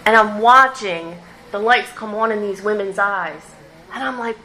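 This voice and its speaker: A young woman gives her personal testimony in a meeting room at a recovery meeting, speaking candidly and conversationally and often laughing. Her medium-pitched voice is bright and forceful at a normal speed, and the rough recording carries a little hiss or hum.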